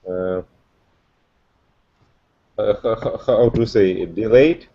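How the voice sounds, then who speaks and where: A man's voice: lowish voice, slow, warm tone, dull audio. A man student, hesitant and searching for words as he tries a pronunciation.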